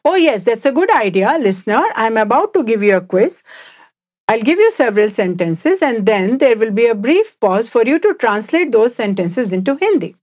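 A woman giving a scripted language lesson, explaining words clearly and in a measured way. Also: a little high, sing-song, darkish tone. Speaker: language teacher.

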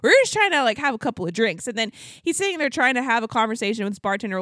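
A woman co-hosting a podcast, telling a story in a fast, animated way with lots of filler words. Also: fairly high pitch, dry recording. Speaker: podcast co-host. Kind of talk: casual storytelling chat.

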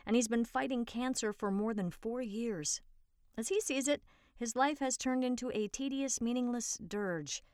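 A woman of middle pitch reads a magazine story aloud in a calm, measured way, recorded close and dry with no room sound. She sinks into a near whisper when the quiet lines come. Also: dry recording. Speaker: reader for a radio reading service. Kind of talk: reading a magazine article aloud.

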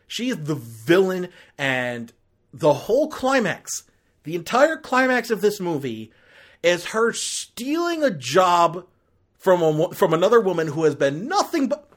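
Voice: medium pitch, sing-song, unhurried. A film reviewer ranting through a ranked movie list, exasperated and full of casual fillers. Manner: ranting, exasperated, escalating into outbursts; casual filler-heavy talk with restarts.

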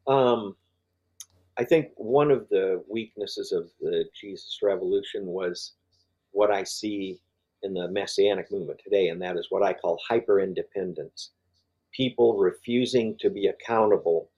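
An older man, a guest in a podcast interview, talks through his faith story, rambling with many fillers and restarts. His deep voice has a dark, husky tone, and the audio sounds dull.

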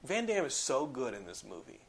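A young podcast host chats loosely and casually, talking excitably, swearing often, and saying "like" constantly. His middle-pitched voice is husky and fairly quick.

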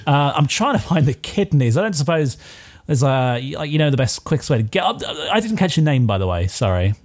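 A man's voice: fairly high pitch, big pitch swings, brisk, darkish tone. A man voicing a flustered, chatty male surgeon shrunk inside a body, rambling and apologetic.

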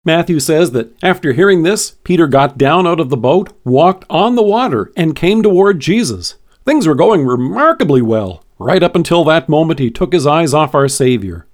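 A man hosting a devotional podcast, reading a scripted devotion with expressive, varied emphasis. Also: fairly high pitch, moderate pace, few pauses.

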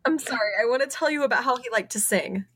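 A woman's voice: a little high, fast, a bit bright, slightly rough. A woman co-hosting a podcast, chatting casually while presenting her research notes, often laughing and spelling out names.

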